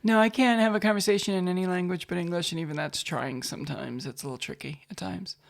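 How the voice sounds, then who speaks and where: A woman's voice: lowish voice, fast talker, vocal fry. A woman comedian co-hosting a podcast, joking bluntly and swearing freely in casual chat.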